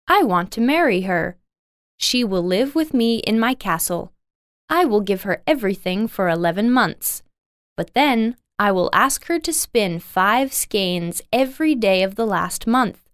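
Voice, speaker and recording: A woman's voice: mid-range voice, animated, a little slow, smooth, no room sound, clean studio sound, lightly acted. A woman voicing a stern fairy-tale king who makes firm pronouncements in a storybook.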